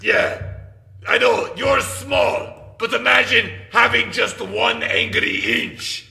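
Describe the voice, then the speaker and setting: A man voicing a crude masked ghoul metal singer who hosts a call-in segment, shouting profanity in a mock-menacing way. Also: steady tone, slow, roomy sound, exaggerated voice. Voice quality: gravelly, shrill. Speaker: host of a call-in question segment.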